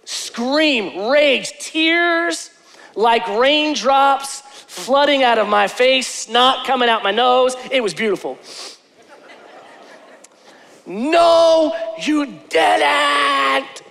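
A man preaching a sermon as pastor from a church stage, emphatic and repeating his phrases, dropping soft and then rising to a shout. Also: very high voice, slow pace, gravelly. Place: church stage before a congregation. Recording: echoey church hall.

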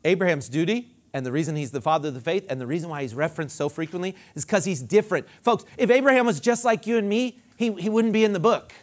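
Male pastor, high and animated voice, emphatic sermon delivery with repeated phrases. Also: quick pace, few pauses.

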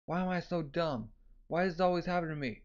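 A man's voice: medium pitch, a little fast, darkish tone, natural voice. A man voicing a flustered, lovesick young man who whines in exasperated outbursts. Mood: whiny. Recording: dull lo-fi recording.

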